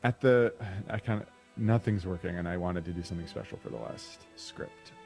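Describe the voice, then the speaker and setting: A man's voice: deep voice, sing-song, brisk, creaky, a little mellow, slightly rough, faint music behind. A man hosting and narrating a comedy script reading on a stream, flustered and self-deprecating. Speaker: narrator and show host.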